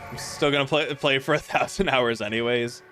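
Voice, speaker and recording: A man's voice: mid-range voice, fairly quick, music in the background. A young man playing a video game and ranting profanely while telling a story. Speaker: gaming streamer. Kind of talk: casual let's-play chat.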